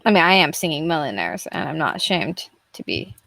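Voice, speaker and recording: A young adult woman, an artist live-streaming her drawing, chats casually and rambles, swearing freely as she goes. Her voice is low, gravelly and a bit bright, with big pitch swings and a brisk pace. The recording has no echo.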